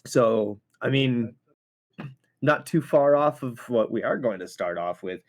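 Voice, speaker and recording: Animated dude hosting a gaming podcast, cusses a lot, laughs easy. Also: male voice, medium pitch, unhurried. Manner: lively, swears and laughs often. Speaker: podcast host. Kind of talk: casual chat.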